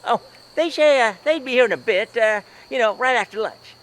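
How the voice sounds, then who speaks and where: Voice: mid-range voice, brisk, fairly bright tone, lightly acted, poor audio. A performer voicing a cheeky, sentimental sidekick companion in a homemade comedy sketch, teasing and giggly with a drawl. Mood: casual.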